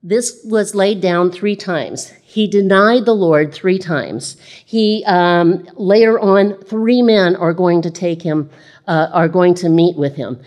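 A woman's voice: fairly low pitch, takes it slowly, darkish tone. A woman preaching a sermon in a conversational way, reading scripture aloud and repeating phrases.

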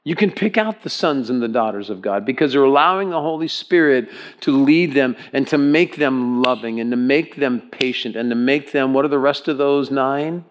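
A man's voice: medium pitch, moderate pace, hardly any pauses, lo-fi sound. Man preaching an emphatic sermon. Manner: emphatic, repeats words, asks the congregation questions. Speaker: pastor. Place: church hall with congregation.

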